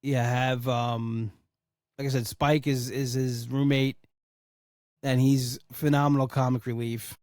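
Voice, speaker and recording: A man's voice: mid-range voice, flat delivery, a little slow, a little mellow, no echo, studio quality. A young man hosting a casual solo podcast, rambling with enthusiasm and swearing for emphasis. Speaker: podcast host.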